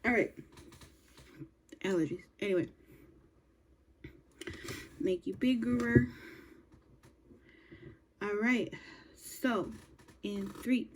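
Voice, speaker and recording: A woman's voice: medium pitch, very slow, pauses often, a little mellow, slight background noise. A young woman chatting to herself while reacting to a music video, sometimes dropping into whispers. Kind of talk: casual reaction commentary.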